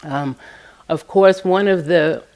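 A middle-aged woman giving a meditation talk, telling stories from her work in a gentle, storytelling way. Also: on the low side, slow. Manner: gentle, storytelling, acts out quoted voices. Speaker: meditation teacher. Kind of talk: dharma talk with personal stories.

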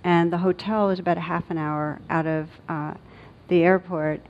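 A middle-aged woman, a meditation teacher, giving a dharma talk in a reflective, halting way with many pauses and fillers. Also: fairly low pitch, fairly even intonation. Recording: dull lo-fi recording.

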